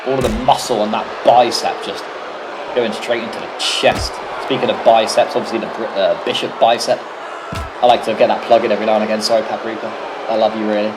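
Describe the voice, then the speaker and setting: A man's voice: fairly low pitch, flat delivery, fairly quick, music in the background, rough recording. Sweary British man commentating solo. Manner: rambling, swears freely, jokey tangents. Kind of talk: casual play-by-play commentary of a wrestling video game.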